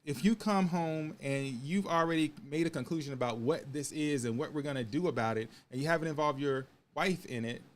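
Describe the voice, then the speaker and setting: A man co-hosting a marriage talk show, giving earnest advice in a casual way, often dropping to a low, soft voice. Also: fairly quick, few pauses.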